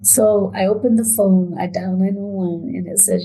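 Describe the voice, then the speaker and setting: A woman telling her own story in a halting, hesitant way, with pauses and repeated words. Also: medium pitch, fairly even intonation, dark tone, faint music behind, poor audio. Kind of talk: emotional first-person account.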